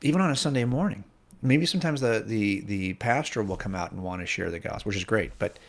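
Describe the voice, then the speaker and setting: A man's voice: on the low side, quick pace. A man hosting a podcast interview, prompting his guest and reflecting on his own speaking work. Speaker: podcast host. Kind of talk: interview conversation.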